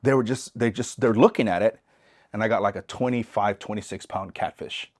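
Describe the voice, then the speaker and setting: A middle-aged man from East Los Angeles, a podcast guest telling a story in a relaxed way, acting out the other people's voices and often restarting his words. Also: lowish voice, fairly quick. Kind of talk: casual storytelling interview.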